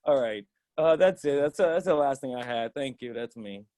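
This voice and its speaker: A young man from the Dominican Republic doing a loose, animated stand-up set from his home balcony, acting out quoted voices. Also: medium pitch, normal speed, dry recording. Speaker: stand-up comic. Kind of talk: stand-up set on a video stream.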